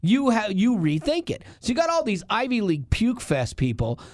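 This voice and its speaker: A man's voice: high-pitched, wildly swooping pitch, normal speed, dry recording, studio quality. A married man co-hosting a talk show, telling stories casually and ranting with passion. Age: adult, married. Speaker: radio show co-host. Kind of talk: casual studio banter.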